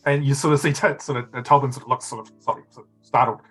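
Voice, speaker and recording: A man narrating as game master, rambling and loose, with a lot of fillers. His voice sits at a middle pitch, with faint music underneath. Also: steady tone, fast talker, a bit bright, slightly rough, low-quality recording.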